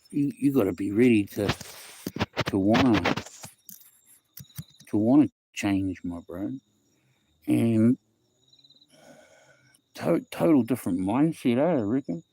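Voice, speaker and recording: A man's voice: fairly low pitch, animated, measured pace, long pauses, dark tone, slight background noise. A middle-aged man with a New Zealand accent chatting loosely on a phone livestream, reading viewers' comments aloud and repeating himself as he talks. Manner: rambling, repeats himself, reads chat aloud, says bro and eh. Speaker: livestream host. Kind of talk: casual livestream chat with viewers.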